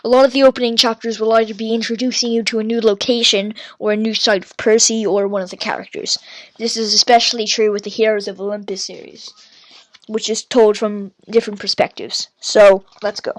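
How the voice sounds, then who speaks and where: A woman hosting a casual podcast, reviewing a book and reading pages aloud, chatty with many fillers and quick self-corrections. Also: medium pitch, flat delivery, no room sound. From Ireland. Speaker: podcast host.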